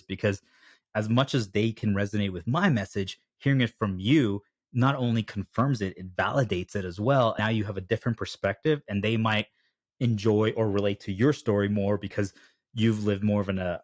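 A man's voice: lowish voice, a little fast, dry recording, clean studio sound. A young man hosting a podcast interview, asking long rambling questions and acting out little quoted exchanges. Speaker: podcast host. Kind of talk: conversational interview.

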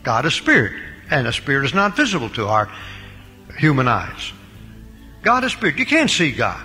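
An older man preaching a Bible lecture, with dramatic swings between loud emphasis and quiet asides. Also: mid-range voice, lively intonation, normal speed, in a large hall, soft background music. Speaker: pastor. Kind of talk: recorded Bible lecture sermon.

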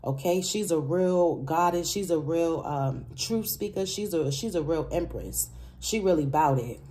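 Low-voiced woman chatting through a tarot reading. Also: lively intonation, unhurried, warm tone. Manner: chatty and emphatic, repeats phrases, speaks straight to viewers; laughs often between remarks. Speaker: tarot reader. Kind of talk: casual tarot reading to viewers.

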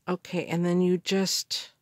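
A woman in a casual craft haul video, gushing with excited gasps and exclamations over the supplies she unpacks. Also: lowish voice, no echo, studio quality. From Canada. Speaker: crafter unboxing mail.

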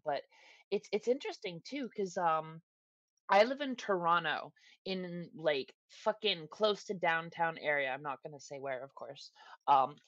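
A woman's voice: deep voice, no room sound, lo-fi sound. A woman guest on a podcast, chatting bluntly and casually and swearing freely.

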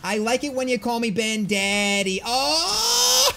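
A young man with a high voice streams a shooter game at a moderate pace, trash-talking opponents and hyping his own plays. His brash live commentary is full of excited yelps and laughter, with noisy game audio and gunfire behind him.

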